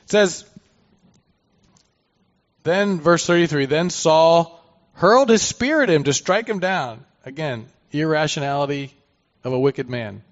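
A man's voice: a little high, expressive, measured pace, pauses often. Man teaching scripture, dull lo-fi sound. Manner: conversational, reads scripture aloud then comments with asides. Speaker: Bible teacher. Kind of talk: expository Bible teaching. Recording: dull lo-fi recording.

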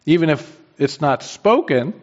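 A man's voice: fairly high pitch, animated, a little slow, darkish tone. A man preaching a sermon, earnest and emphatic, repeating his key phrases for weight. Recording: dull sound with long hall reverb.

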